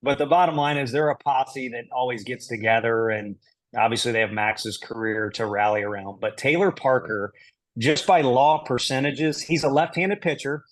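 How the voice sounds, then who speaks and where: A man's voice: medium pitch, moderate pace. Man laughing through candid coaching answers. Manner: laughs easily, talks through answers aloud with self-deprecating humor. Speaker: head baseball coach, podcast guest. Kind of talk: casual interview answers.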